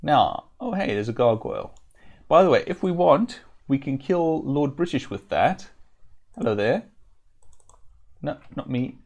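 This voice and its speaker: Gravelly man musing over a game. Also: a little high, expressive, measured pace, pauses often, a little mellow. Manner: casual, thinking aloud, hesitant fillers. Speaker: streamer. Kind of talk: live-stream gameplay commentary.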